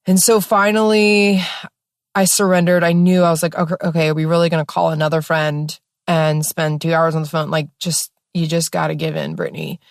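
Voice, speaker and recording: A young woman speaks with a lowish voice, telling her own story loosely and expressively, full of fillers and the odd swear word. She is recorded close and dry, with no room sound. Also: brisk, dry recording. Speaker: podcast host. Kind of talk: personal storytelling.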